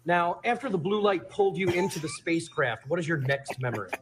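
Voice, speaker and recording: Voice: mid-range voice, very animated, noisy background, close to an everyday voice. Actor playing a formal government interviewer. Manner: formal, measured questioning.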